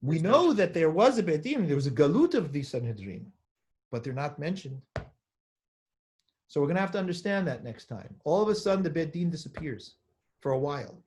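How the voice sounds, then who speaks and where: High-voiced man teaching a text class. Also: big pitch swings, a little mellow. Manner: reads names rapidly, then slows down to stress points and asks the class questions. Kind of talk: lesson reading and explaining a text.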